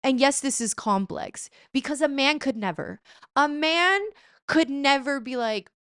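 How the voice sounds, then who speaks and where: A young woman vlogging in a chatty, animated, self-mocking way, sometimes slipping into playful put-on voices. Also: high-pitched, unhurried, dry recording, studio quality. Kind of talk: casual chat.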